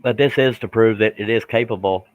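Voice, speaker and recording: A man's voice: lowish voice, brisk, no echo, lo-fi sound. A man, chatting casually with viewers while he works a scroll saw on a livestream. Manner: folksy, chatty, reads out viewer comments.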